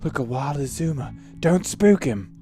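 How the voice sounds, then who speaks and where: A man doing a hushed mock-British wildlife narrator. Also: on the high side, expressive, normal speed, slightly rough, faint music behind.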